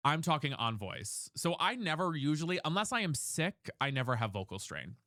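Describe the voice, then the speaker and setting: A man's voice: fairly high pitch, sing-song, brisk, hardly any pauses, bright, forceful tone, no room sound. Chatty young man streaming live, dry sound. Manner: chatty, reads chat aloud and explains vocal technique. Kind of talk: casual live-stream chat.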